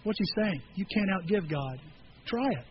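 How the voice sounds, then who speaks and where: A man delivers a sermon in a high, conversational voice, telling a personal story before pushing to emphatic peaks. The audio is slightly dull, with a faint hiss behind it. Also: expressive, moderate pace. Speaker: pastor.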